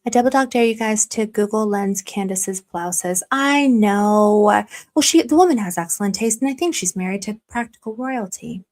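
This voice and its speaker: A young adult woman hosting a livestream in casual, chatty talk, animated as she answers viewer comments. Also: medium pitch, normal speed. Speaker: livestream host. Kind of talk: casual chat.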